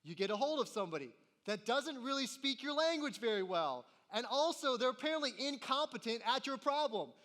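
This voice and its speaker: A young man preaching a sermon as a college pastor, animated and acting out exasperated voices that rise to near shouts. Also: very high-pitched, a little fast, hardly any pauses. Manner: animated, acts out voices and gets loud in exasperation.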